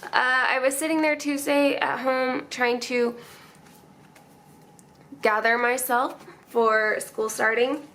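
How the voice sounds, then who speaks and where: A woman's voice: a little high, creaky, a bit bright. A young woman vlogger chatting casually and emotionally as she decorates her planner, rambling and laughing often.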